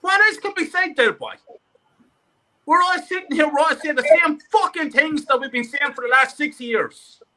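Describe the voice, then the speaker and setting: A man's voice: very high-pitched, moderate pace, sharp tone. A man calling in to rant angrily about his football team, sweary and repetitive. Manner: furious, sweary, repetitive ranting.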